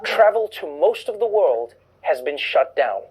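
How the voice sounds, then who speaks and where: A man's voice: on the high side, very animated, a little slow, a little mellow, breathy edge, poor audio. A man hosting a comedy show, delivering scripted sarcastic commentary and acting out voices for punchlines.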